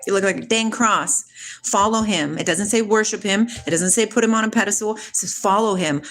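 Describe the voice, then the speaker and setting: A woman hosting a casual spiritual livestream, talking back to her chat in an excitable, preachy way. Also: mid-range voice. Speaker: livestream host reading chat.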